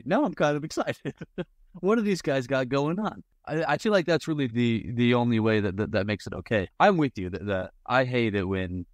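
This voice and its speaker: A man's voice: mid-range voice, no echo, studio quality. A man co-hosting a podcast in casual chat, complaining in a wry, amused way with acted-out asides. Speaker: podcast co-host.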